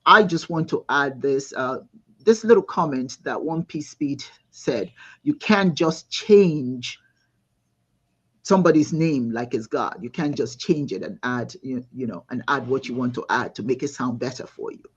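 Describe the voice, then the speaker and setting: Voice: mid-range voice, lively intonation, a little slow, breathy edge, muffled recording. A host moderating a live panel discussion, affirming the guests and reading out viewer comments.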